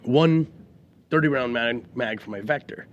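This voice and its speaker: A man's voice: medium pitch, unhurried, muffled recording, a little hiss or hum. Easygoing male co-host with a mid-range voice who tells rambling stories. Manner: easygoing, meandering storyteller with fillers. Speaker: podcast co-host. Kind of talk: casual chat.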